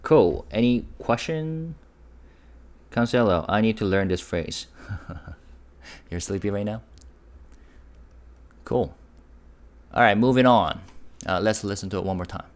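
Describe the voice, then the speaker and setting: A man's voice: lowish voice, animated, slow pace, long pauses. A man teaching a live online Korean lesson, upbeat and patient, spelling out syllables and answering chat questions.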